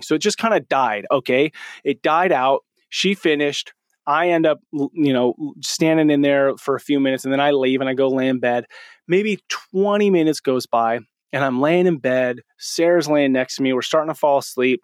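A man's voice: mid-range voice, moderate pace, no room sound, studio quality. A man in his forties hosting a podcast, telling personal stories in a casual, earnest, coaching tone. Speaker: podcast host. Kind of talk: casual storytelling monologue.

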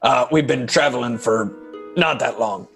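Slow, gravelly man playing his character. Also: mid-range voice, soft background music. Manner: halting, hesitant speech. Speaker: player. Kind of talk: in-character tabletop role-play.

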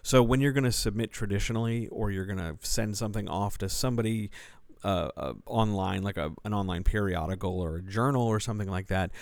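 A man with a fairly low voice talks through a listener question on his podcast in a loose, explanatory way. He hesitates, restarts, and drops in fillers as he thinks aloud, like a coach speaking off the cuff. The sound is dry and close, with no room echo. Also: brisk, smooth. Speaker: writing coach and developmental editor. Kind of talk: casual solo podcast Q&A.

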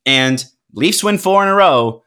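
A man's voice: fairly high pitch, animated, a little slow, pushed and bright, clean tone. A man co-hosting a casual sports podcast, venting in an exasperated, profane way and mimicking pundits. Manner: exasperated, profane, mock-quoting. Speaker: podcast co-host. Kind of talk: casual chat.

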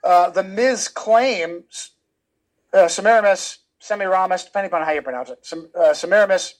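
A man with a notably high voice talks as a guest author in an interview. He speaks emphatically, often repeating words to drive his points home. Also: expressive, moderate pace. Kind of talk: animated conversational interview.

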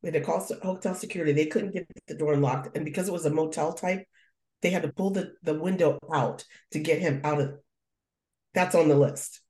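Middle-aged woman from the US telling a funny family story, lowish voice, echoey room. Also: brisk. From United States. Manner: animated storyteller, acts out her own thoughts. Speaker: guest. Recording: roomy echo.

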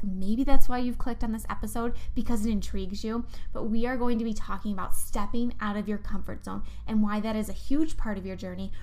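A young woman hosting a motivational podcast, talking straight to her listeners in an upbeat, heartfelt way. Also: medium pitch. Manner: enthusiastic, heartfelt, speaks directly to listeners. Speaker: podcast host.

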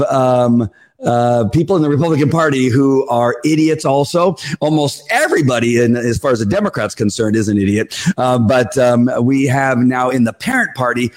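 A man giving a rambling, heated speech, ranting bluntly with many fillers and restarts while he gets sweaty and worked up. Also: medium pitch. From California. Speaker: political speaker. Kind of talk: rally speech.

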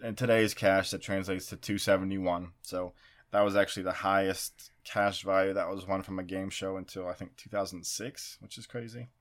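A man's voice: sits low, fairly even intonation, moderate pace. A man co-hosting a podcast, telling a story in casual chat with frequent laughter. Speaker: podcast co-host.

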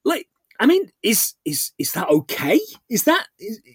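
Man, 40s, podcast co-host: high, bouncy voice, jokey recaps, close and dry. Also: unhurried, husky, dry recording. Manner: animated, laughs often, recaps plot with jokey asides. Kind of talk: casual film podcast chat.

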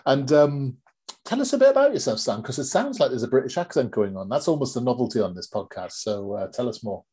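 A man hosting a podcast, talking in a measured, reflective way with frequent fillers as he introduces and questions a guest. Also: medium pitch, sing-song, dark tone, husky. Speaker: podcast host. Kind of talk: conversational interview.

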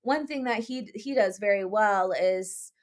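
A woman's voice: medium pitch, a little slow. Chatty young woman, filler-heavy. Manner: chatty, many fillers like "like" and "you know". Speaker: podcast co-host. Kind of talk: casual chat.

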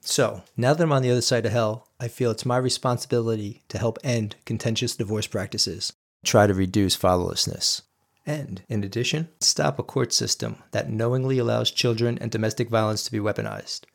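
A podcast host tells a personal story in an earnest, emphatic monologue addressed straight to his listeners. His mid-range voice moves a little fast and has a creaky quality.

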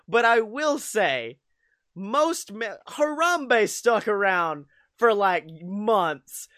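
A man's voice: high voice, expressive, slow pace, sharp tone, clean tone, dry recording, studio quality. A young man co-hosting a podcast, joking and laughing often as he tells stories in casual chat. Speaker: podcast co-host.

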